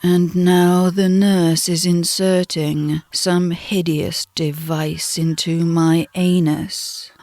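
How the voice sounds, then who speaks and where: A British woman reads her memoir aloud at an unhurried, deliberate pace. Her voice sits a little low. The storytelling is dramatic. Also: darkish tone. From Britain. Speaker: narrator. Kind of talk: audiobook memoir narration.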